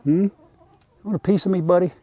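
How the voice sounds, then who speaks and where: A man's voice: sits high, quick pace, mellow, lo-fi sound, slight background noise. An older man with a drawl, chatting casually to his chickens and his viewers on his farm. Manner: folksy rural drawl, talks to his animals. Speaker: farm vlogger. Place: outdoors in a chicken coop.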